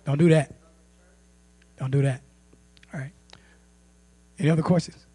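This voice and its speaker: A male pastor, teaching a Bible study with call-and-response, rising to loud emphasis and dropping to quiet asides. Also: on the high side, steady tone, normal speed, no echo. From United States. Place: church.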